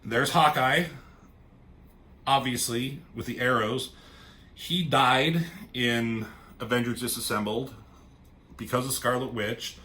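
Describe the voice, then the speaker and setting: A man's voice: medium pitch, steady tone, slow pace, pauses often, sharp tone. A man reviewing a comic book in a loose, rambling, casual way, swearing freely and trailing off as he goes.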